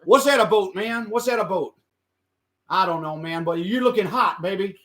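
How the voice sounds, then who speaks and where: A man's voice: sits high, moderate pace, a bit bright, voice pushed down. A man doing a drawling flirty impersonation of a famous singer. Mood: flirty, boastful.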